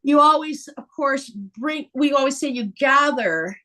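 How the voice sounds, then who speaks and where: Bright-voiced woman leading laughter yoga. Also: high voice, measured pace. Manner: animated, breaks into laughter, guides breathing. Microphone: video call.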